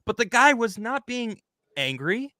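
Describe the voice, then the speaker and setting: Guy hosting a podcast, bright tense voice, dry close mic, kinda rambly and animated. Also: extremely high pitch, measured pace, no room sound. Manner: animated, rambling, acts out quoted people. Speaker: host. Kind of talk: casual podcast chat.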